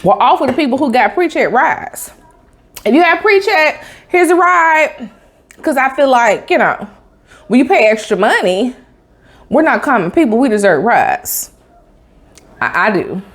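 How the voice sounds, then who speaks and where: Lady venting on her vlog, sassy and emphatic, voice jumps all over, kinda high. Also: sing-song, unhurried, pauses often, fairly bright tone. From Tampa, Florida. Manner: sassy, emphatic storytelling with sound effects. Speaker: vlogger. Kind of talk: casual mukbang chat.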